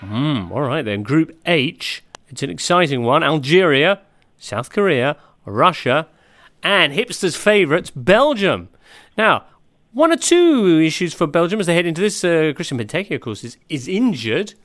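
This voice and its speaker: A man presents a football chat show, jokey and relaxed. His voice sits a little high and swings widely in pitch as he leads the talk. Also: a little slow. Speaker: podcast host. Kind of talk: casual chat.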